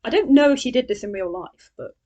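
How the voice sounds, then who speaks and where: A woman's voice: a little high, expressive, fast talker, warm tone, lo-fi sound. A woman gives a chatty, sarcastic spoken review of a book, full of scornful asides.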